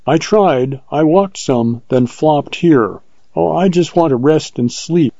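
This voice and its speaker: A male narrator voicing a proud, spirited young woman in a storybook reading, lifting his pitch into a lilting tone. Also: lively intonation, slow, gravelly, mellow, no echo, muffled recording, full character voice. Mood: teasing. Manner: raised, lilting pitch with a light tone.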